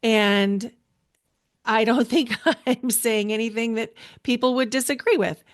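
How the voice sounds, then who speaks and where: A woman hosting a solo podcast, speaking earnestly and deliberately with pauses, in a spiritual, emotional tone. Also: a little high, steady tone. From United States. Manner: spiritual, guiding a grounding exercise. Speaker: podcast host.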